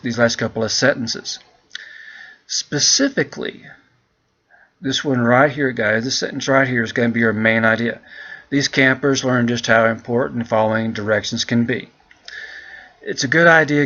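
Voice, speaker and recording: A man teaching English, walking students through an essay in a relaxed, chatty way and calling them "guys". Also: medium pitch, dull audio. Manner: relaxed, chatty, keeps addressing the class as "guys".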